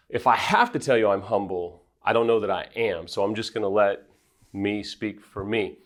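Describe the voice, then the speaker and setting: A man's voice: lowish voice, lively intonation, moderate pace. A man coaching couples in affair recovery, speaking directly to viewers in an earnest, emphatic way with self-deprecating asides. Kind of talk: direct advice talk to viewers.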